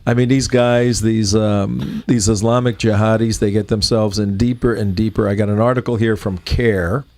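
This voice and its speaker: A man's voice: fairly low pitch, fairly even intonation, a little mellow. Opinionated middle-aged male talk show host. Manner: opinionated, halting with frequent restarts. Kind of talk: political talk show commentary.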